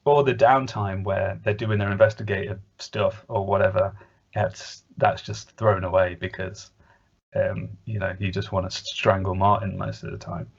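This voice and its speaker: A man's voice: low voice, steady tone, moderate pace, vocal fry, breathy edge. A man co-hosting a podcast, chatting casually with a rambling, hesitant manner full of fillers. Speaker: podcast co-host. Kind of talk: casual chat reviewing a cartoon. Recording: dull lo-fi podcast audio.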